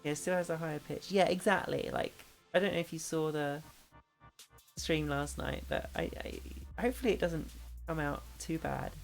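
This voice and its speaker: A woman's voice: sits low, moderate pace, vocal fry, soft background music. A woman streaming and chatting casually with viewers, rambling with lots of fillers and restarts. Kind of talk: casual chat with chat readers. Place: home streaming setup.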